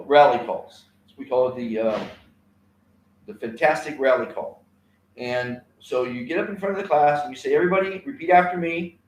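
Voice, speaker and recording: A man's voice: on the high side, reverberant, poor audio. A man teaching a kindness class alone on a live stream, rambling with many fillers and repeated words.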